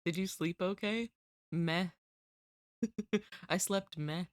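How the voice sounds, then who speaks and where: A woman's voice: fairly low pitch, takes it slowly, no echo, clean studio sound. A woman streamer chatting casually with her viewers, rambling and giggling at herself. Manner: giggly, rambling, self-deprecating.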